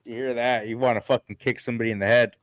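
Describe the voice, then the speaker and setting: A young man from California, co-hosting a podcast, chatting casually in an energetic way, laughing often and swearing. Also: medium pitch, racing, dry recording. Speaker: podcast co-host. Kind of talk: casual chat.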